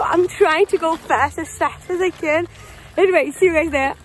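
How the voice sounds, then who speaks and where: A woman's voice: very high voice, brisk. A woman chatting casually in an outdoor vlog while talking to her baby. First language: Portuguese. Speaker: vlogger. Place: outdoors at a park.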